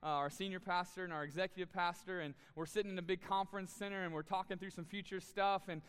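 A man preaches in a big hall, his high, bright voice carrying on a long reverb. He speaks earnestly and candidly, repeating words as he presses his point. His tone stays smooth and clear throughout. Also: steady tone, fast. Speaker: pastor. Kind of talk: sermon with personal story. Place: church auditorium, live audience.

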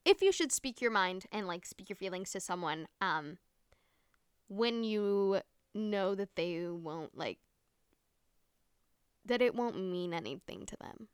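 Young woman, podcast host, chatty and rambling, clear voice, dry close sound. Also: medium pitch, lively intonation, slow pace, pauses often, no room sound. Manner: rambling, filler-heavy, swears casually. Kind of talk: casual solo podcast chat. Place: room at home with window open.

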